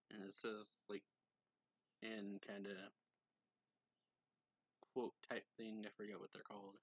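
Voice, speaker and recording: A man casually recapping a manga chapter as a reviewer, rambling with lots of filler words and frequent throat clearing. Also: lowish voice, completely flat delivery, measured pace, long pauses, no room sound.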